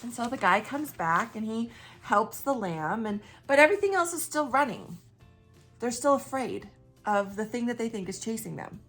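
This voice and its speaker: A woman pastor with a bright, clear tone speaks in a warm conversational sermon style. She asks her listeners direct questions and retells a story with lively energy. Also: on the high side, moderate pace, soft background music.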